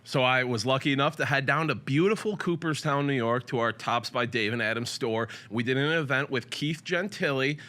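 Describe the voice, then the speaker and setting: Upbeat man with a bright voice. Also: medium pitch, brisk, few pauses. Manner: upbeat, enthusiastic, giving shout-outs. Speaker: co-host. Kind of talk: casual chat.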